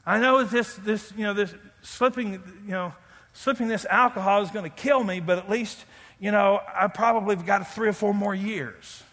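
A man preaching a sermon as pastor, animated, acting out loud pleading prayers and making joking asides. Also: high voice, normal speed, big-room sound.

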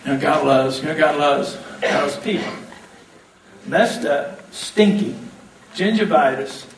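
Animated preacher in an echoey hall. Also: male voice, a little high, measured pace, a little hiss or hum. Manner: animated, joking, call-and-response with congregation. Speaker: pastor. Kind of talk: sermon. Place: church hall. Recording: echoey hall, mic at a distance.

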